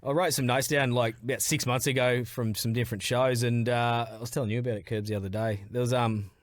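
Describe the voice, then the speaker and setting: A man's voice: mid-range voice, fairly even intonation, quick pace, no room sound. A man with a New Zealand accent chatting casually on a podcast, swearing and laughing at his own stories. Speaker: podcast guest.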